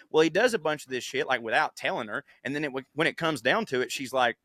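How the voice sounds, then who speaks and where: A man co-hosts a casual podcast with a bright, forceful voice. He tells stories in a profane, animated way and drops into put-on voices for quotes. The sound is dry and close. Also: on the high side, fast talker, few pauses, no echo. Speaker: podcast co-host. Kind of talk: casual chat.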